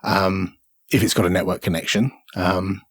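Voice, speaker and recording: A man's voice: low-pitched, steady tone, normal speed, no room sound, clean studio sound. A man co-hosting a casual tech podcast, rambling along with fillers and restarts. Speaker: podcast co-host.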